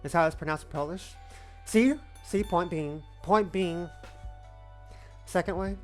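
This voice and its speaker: Faint music plays as a twenty-something woman chats through a casual let's-play stream. Her voice is lowish and her pace measured, and she wanders off on tangents, repeating herself in a playful way.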